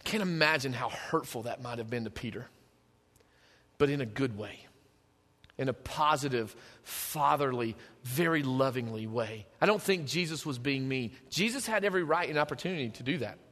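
A man preaching a sermon in a conversational way, moving between hushed and emphatic, in a church hall with long reverb. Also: mid-range voice, expressive, normal speed.

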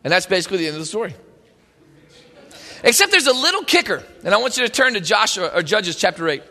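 A man preaching a sermon, retelling a story in an animated, conversational way. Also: sits high, quick pace. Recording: long hall reverb.

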